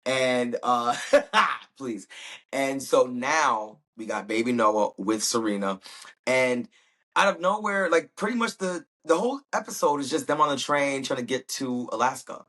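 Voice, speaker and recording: A man with a husky, slightly breathy voice talks through a TV episode recap. His delivery is chatty and slangy, and he slips into little acted-out quotes as he goes. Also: medium pitch, a bit bright. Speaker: podcast host.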